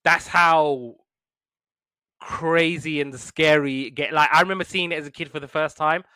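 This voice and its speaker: Bright, animated male podcast host. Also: fairly high pitch, moderate pace, smooth, dry recording, clean studio sound. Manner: animated storytelling with put-on voices. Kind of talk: casual chat.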